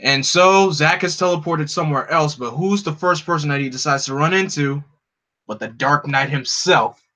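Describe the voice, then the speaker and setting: A man's voice: fairly high pitch, normal speed, sharp tone. A man narrating a live script read, with casual, chatty asides. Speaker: script reader.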